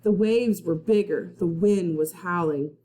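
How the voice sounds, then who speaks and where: Woman, first-grade teacher, slow read-aloud, chatty, faint noise behind. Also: lowish voice, mellow. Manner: slow, chatty, laughs at her own slips. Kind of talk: reading a chapter book aloud to children.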